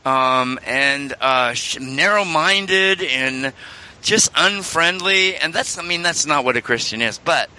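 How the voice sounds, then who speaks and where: Bright-voiced rambling male host. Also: a little high, expressive, takes it slowly. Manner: rambling, many restarts and fillers. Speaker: radio show host. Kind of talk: casual storytelling chat.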